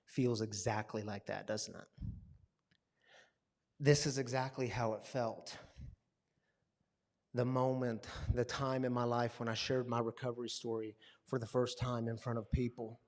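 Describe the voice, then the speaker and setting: A man preaching a sermon as a pastor, telling stories with lively swings between hushed, quiet passages and loud, emphatic ones. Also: medium pitch, unhurried, long pauses.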